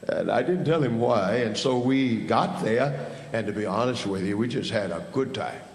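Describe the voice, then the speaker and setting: A man's voice: fairly low pitch, animated, normal speed. An older man and church elder on a panel, telling stories in an emphatic, preacherly way. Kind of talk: panel talk, anecdotal storytelling. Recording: reverberant hall.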